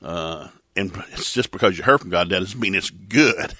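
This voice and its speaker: A man's voice: low-pitched, animated, moderate pace, sharp tone, no echo, studio quality. An older man telling stories in a casual, laughing way as a pastor and podcast host. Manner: folksy, laughing, acts out voices in stories. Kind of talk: casual storytelling chat.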